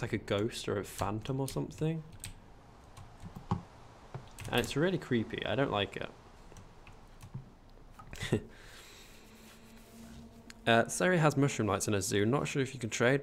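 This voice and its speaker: A man's voice: mid-range voice, measured pace, creaky, pauses often, slight background noise. A man with a posh English accent, chatting casually on a gameplay livestream, rambling and reading out chat as he builds. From England.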